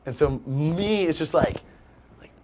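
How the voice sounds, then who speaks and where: A young man telling a long story as a guest in a casual chat, animated and rambling, with "like" in nearly every phrase. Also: on the high side, measured pace, slight background noise.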